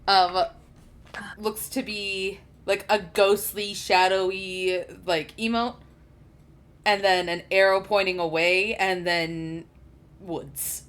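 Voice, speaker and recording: A woman's voice: medium pitch, steady tone, slow, a bit bright. Casual woman running a tabletop game. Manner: casual, laughs often, voices characters on the fly. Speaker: game master. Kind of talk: narrating a tabletop role-play game.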